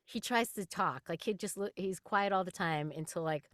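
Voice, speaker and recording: A woman voice actress talking casually in an interview, animated and chatty, laughing often. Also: on the low side, moderate pace, dry recording, studio quality. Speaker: voice actress guest.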